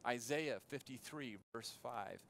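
A man's voice: medium pitch, vocal fry, a bit bright, slight background noise. Earnest male pastor preaching. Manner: earnest, with dramatic pauses. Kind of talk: sermon. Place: church.

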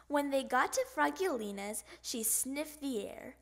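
A woman reads a picture book aloud in a high, lively voice that swoops up and down. She takes her time, savoring each sound effect and line. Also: a little slow, creaky, hardly any pauses. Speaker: storybook reader.

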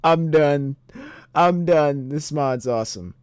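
A young man streaming a rhythm game, commenting excitedly, swearing often and laughing a lot, reading the game's dialogue aloud. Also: medium pitch, slow, smooth, no room sound. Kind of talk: gameplay commentary.

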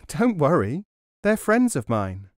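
A man voicing a plucky, quick-witted young woman in an audiobook, speaking in a raised voice. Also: fairly high pitch, wildly swooping pitch, no room sound, clean studio sound, pitched above the performer's own voice, exaggerated voice. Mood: cheerful.

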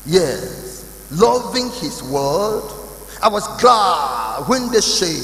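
A male pastor preaching to a youth conference, emphatic and unhurried. His voice sits high and swoops widely as he acts out the voices he quotes. The sermon is recorded in a hall with a long reverb. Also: sing-song, creaky, a bit bright, faint music behind. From Nigeria.

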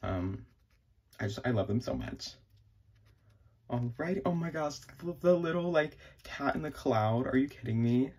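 A young man in a casual unboxing vlog, gushing and excitable, with frequent gasps and many fillers. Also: medium pitch, measured pace. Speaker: vlogger.

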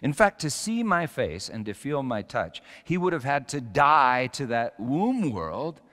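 A man's voice: medium pitch, very animated, measured pace, few pauses, big-room sound. Man preaching with dramatic swings. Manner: storytelling with sudden loud bursts and quiet drops. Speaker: pastor. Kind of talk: sermon.

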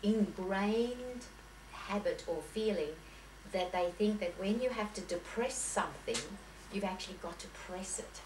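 Recorded from far away in an echoey lecture room, with a faint hiss underneath, a woman piano teacher gives a chatty, anecdote-filled talk to teachers, full of restarts and self-corrections. She speaks a little slowly at a medium pitch.

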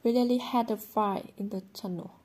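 A woman reading the lines of an upset teenage boy skater, speaking quietly and subdued. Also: mid-range voice, fairly even intonation, normal speed, lightly acted.

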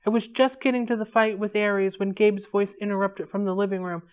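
Library read-along reader, woman, steady clear storytelling. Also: medium pitch, a little fast. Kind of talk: reading a novel aloud.

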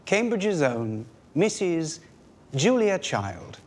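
A man's voice: a little high, very animated, slow, a little mellow, slight background noise. An actor playing a formal, dry-humored male professor hosting a 1960s television program, a man from French Canada. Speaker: TV show host.

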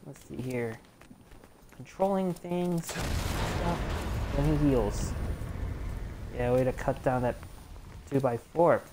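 A male gamer commenting on his play in slow, drawn-out phrases, swearing freely and venting his frustration with the game. He stays chatty and informal throughout. The game's audio is loud under his voice. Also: mid-range voice, noisy background. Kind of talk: live gameplay commentary.

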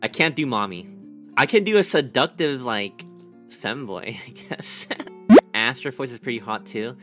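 Male streamer, animated pitch, laughs at himself, faint music underneath. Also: unhurried. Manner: self-deprecating, laughing, rambling. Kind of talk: casual chat.

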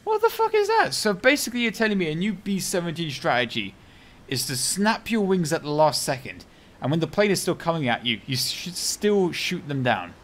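A man commentates his own gameplay in a chatty, sarcastic way, full of slang. His voice sits a little high for a man, and he swings from low mutters to sudden loud outbursts. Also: very animated, moderate pace. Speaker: video game commentator.

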